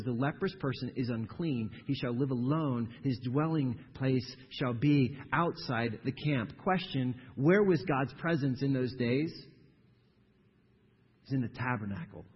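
A man preaching a sermon in an animated way, getting louder and softer and putting questions to the congregation. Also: mid-range voice, normal speed, breathy edge. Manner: animated preaching, rising and falling in volume, asks the congregation questions. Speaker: pastor. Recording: dull sound, long reverb in a large hall.

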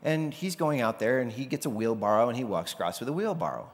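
A man gives a relaxed, conversational sermon at a middle pitch. His voice rings out with a long reverb tail from a large hall. Now and then he slips into the voices of the people he quotes. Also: quick pace. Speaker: pastor.

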